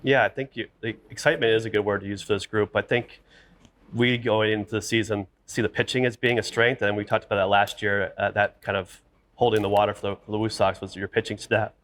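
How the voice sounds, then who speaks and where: A man's voice: fairly low pitch, level tone, fairly quick, fairly bright tone, slight background noise. A man, a sports reporter hosting a podcast, asking interview questions in a conversational way with hesitant fillers.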